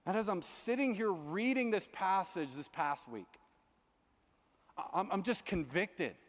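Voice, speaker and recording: High, earnest young man preaching in a hall. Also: a little slow. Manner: earnest, animated preaching with frequent restarts. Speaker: youth pastor. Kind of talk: sermon.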